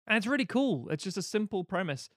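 A man's voice: high-pitched, very animated, fast, a bit bright, no echo, studio quality. Rambling, profane man in his late 30s. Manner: rambling and profane, with self-deprecating jokes. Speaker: podcast co-host. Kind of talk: casual chat.

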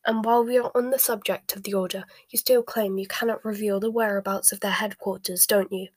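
A woman reading a scornful, fanatically loyal dark witch aloud in a whispered storybook voice, sneering and quick to flare. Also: mid-range voice, steady tone, close to an everyday voice.

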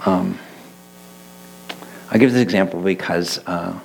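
A middle-aged man and church elder preaching a conversational sermon, telling stories with lively quoted voices. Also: low-pitched, measured pace, creaky, rough recording. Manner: animated storytelling, voicing quoted people. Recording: mains hum in the background.

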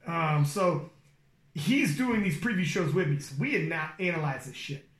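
A man hosting a podcast, telling stories in a casual, animated way and swearing freely. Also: a little high, moderate pace, echoey room. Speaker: podcast host.

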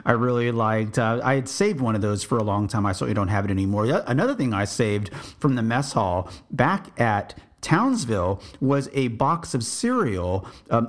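A man from Texas recalls his army days at an easy, reflective pace. His voice sits at a middling pitch. He wanders through the story and often restarts his sentences. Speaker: podcast host and army veteran. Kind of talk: storytelling memoir.

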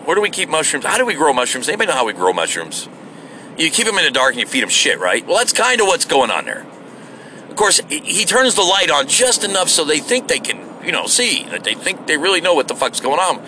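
A man's voice: on the high side, big pitch swings, a little fast, bright, forceful tone, a little hiss or hum. A man delivering a heated, sarcastic monologue full of swearing. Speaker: online commentator. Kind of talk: profane ranting monologue.

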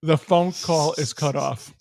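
A fairly high-pitched man from the US, slow and with vocal fry, rants profanely on a podcast while performing both sides of a phone conversation. This animated co-host's storytelling is captured in clean studio sound with no echo.

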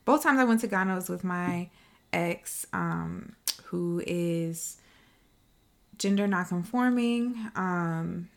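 A woman's voice: fairly low pitch, creaky. A woman from South Carolina speaking earnestly and reflectively in a casual discussion. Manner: reflective, earnest personal account.

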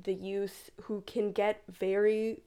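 A woman's voice: mid-range voice, flat delivery, slow pace, dark tone, smooth. A woman guest on a podcast, chatting and laughing at herself in a casual way. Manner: laughing, self-mocking, chatty. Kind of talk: casual chat.

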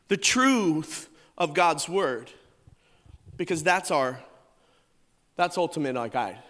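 Emphatic, joking male pastor with a high voice, booming in a reverberant church hall. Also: a bit bright. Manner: emphatic, humorous preaching. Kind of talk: sermon.

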